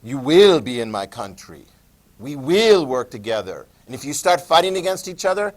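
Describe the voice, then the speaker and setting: A man's voice: mid-range voice, very animated, moderate pace, close to an everyday voice. A man doing a stern dictator. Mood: commanding. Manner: firm, declaring orders. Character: stern commanding male dictator.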